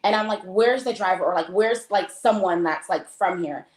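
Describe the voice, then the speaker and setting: Speaking at a moderate pace in a medium pitch, a woman from the United States recounts a trip casually and with plenty of fillers. She animatedly performs the quoted dialogue of the people in her story, and there's a roomy echo on the recording.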